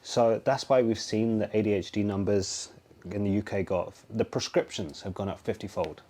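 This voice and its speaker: A man who is a guest expert on a podcast, explaining in a steady way. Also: fairly low pitch, normal speed. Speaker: guest, screen-time expert. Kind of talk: casual podcast conversation.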